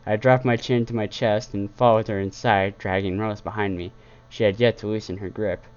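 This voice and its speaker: A man reading a first-person fan story aloud in a plain, even voice. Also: lowish voice, moderate pace, muffled recording. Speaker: fan fiction reader.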